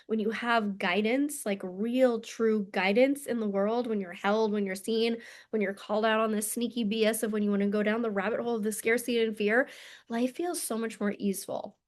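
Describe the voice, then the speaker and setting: A woman mentor talking earnestly and emphatically to camera, with casual swearing. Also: fairly high pitch. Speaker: mentor and coach. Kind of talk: motivational monologue to camera.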